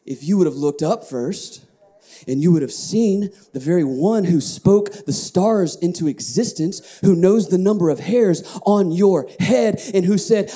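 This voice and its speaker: A male pastor preaching a sermon, swinging from quiet, whispered prayer lines to animated shouts of praise. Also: high-pitched, a little slow.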